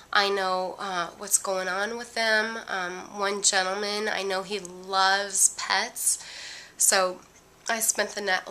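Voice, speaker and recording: Bright-voiced middle-aged woman, rambling softly. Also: mid-range voice. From USA. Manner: rambling, lots of ums, gets emotional. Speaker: vlogger, Christian family ministry. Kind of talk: casual heartfelt talk to camera.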